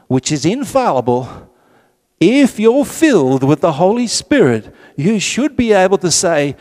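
A man leading a Catholic Bible study group, reading passages slowly and adding joking asides. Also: sits high. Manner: lively, joking asides, reads scripture slowly.

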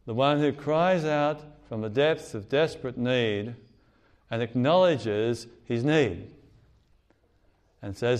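A man's voice: medium pitch, takes it slowly, long pauses, a little mellow. Earnest male preacher in a sanctuary. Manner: earnest, acts out the cries of gospel figures. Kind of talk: sermon. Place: church sanctuary.

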